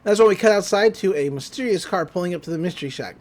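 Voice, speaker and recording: A man hosting a podcast, casually recapping an episode in an animated way, laughing and acting out the characters. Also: sits high, fast talker.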